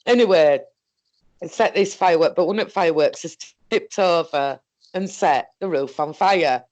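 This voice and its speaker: A woman's voice: on the low side, a little mellow. Rambling Northern English woman. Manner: halting, self-correcting, full of fillers and restarts. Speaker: guest recounting a paranormal experience. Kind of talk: rambling personal storytelling.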